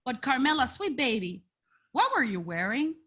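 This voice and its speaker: A woman co-hosting a casual wrestling podcast, sassy and animated, swearing freely. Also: high voice, moderate pace, a crowd in the background. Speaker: podcast co-host.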